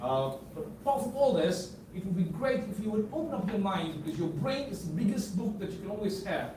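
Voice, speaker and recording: A man's voice: high voice, very animated, fairly quick, mellow, slight background noise. A man with an Indian accent, a communication trainer talking to students and playfully imitating accents. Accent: Indian English. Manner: playful, shifts between mimicked accents. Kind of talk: classroom talk with accent impressions. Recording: echoey hall, voice from far off.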